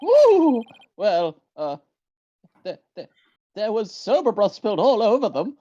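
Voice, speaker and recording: A woman's voice: mid-range voice, wildly swooping pitch, a little slow, dark tone, slightly rough, lo-fi sound, exaggerated voice. A woman doing a flustered, stammering witness. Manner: hesitant, stammering.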